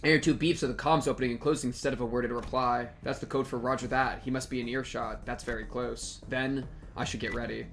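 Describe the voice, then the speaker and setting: A man reading as a gruff young male gunner, speaking low and clipped. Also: steady tone, brisk, a bit bright, soft background music, close to an everyday voice. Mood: focused.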